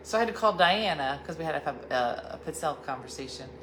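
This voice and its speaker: A woman's voice: low voice, animated, brisk, fairly bright tone, slight background noise. A woman host telling a rambling, jokey story in casual chat. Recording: roomy echo with faint ambience.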